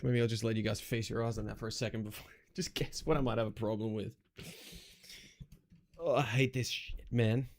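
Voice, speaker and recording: A man's voice: fairly low pitch, fairly even intonation, a little fast. A man chatting casually on a live stream, blunt and sarcastic, with casual swearing.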